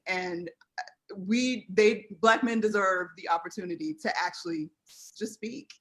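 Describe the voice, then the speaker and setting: A woman's voice: on the low side, normal speed, a bit bright. An American woman speaking as a guest on a live video chat, earnest and heartfelt, close to tears. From United States.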